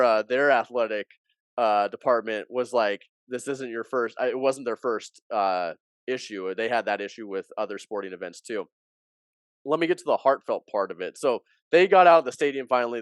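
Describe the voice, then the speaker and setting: A man with a smooth, resonant voice tells a story as a guest in an interview. He is an athletic director and talks in an animated way, playing out what others said. The sound is dry and close. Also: medium pitch, no room sound. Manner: animated storyteller who acts out quoted dialogue.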